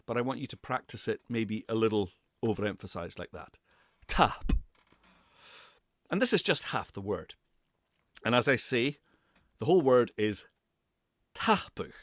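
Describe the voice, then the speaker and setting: A man giving a pronunciation lesson as a speech coach, deliberately repeating and exaggerating sounds for the listener. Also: fairly low pitch, dry recording, studio quality.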